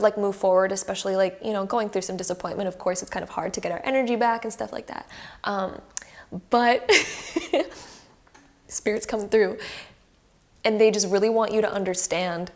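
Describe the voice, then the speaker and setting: A young woman reads tarot cards for her viewers in a loose, chatty way, with "like" peppered through her sentences. She gets openly emotional as she talks, and she sits close to her camera. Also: mid-range voice. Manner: chatty and effusive, heavy use of "like", emotional. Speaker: tarot reader. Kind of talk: casual pick-a-card tarot reading to camera.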